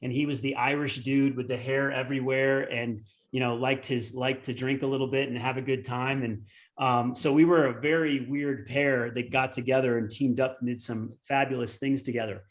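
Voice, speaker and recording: A man's voice: mid-range voice, flat delivery, normal speed. A man in his forties, a former pro turned tennis coach, telling a long story in a webinar with many fillers. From United States. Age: 40s.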